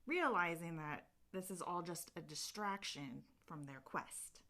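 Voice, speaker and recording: A woman talks through a book plot in a relaxed vlog chat, stringing the story together with a steady stream of filler words. Her voice sits a little lower than most women's, and she rambles easily from one point to the next. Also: a little slow. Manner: rambling storyteller, heavy use of filler 'like'. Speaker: vlogger. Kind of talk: casual chat, retelling a book while doing nails.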